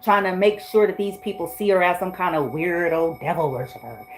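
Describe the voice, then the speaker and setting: A woman's voice: lowish voice, steady tone, brisk, a little hiss or hum, poor audio. A woman giving a spoken tarot reading in a blunt, profane, slangy way. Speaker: tarot reader.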